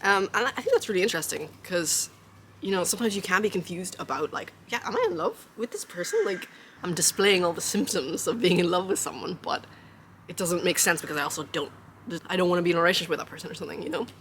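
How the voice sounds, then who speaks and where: Young adult woman, book vlogger, casual and chatty, full of fillers and quick laughs. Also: on the low side, fairly bright tone, a little hiss or hum.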